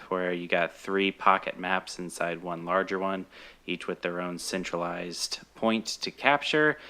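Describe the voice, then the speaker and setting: Deep, bright-toned man explaining game maps. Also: clear, resonant tone. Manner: explanatory, matter-of-fact. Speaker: co-host. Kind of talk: casual esports chat.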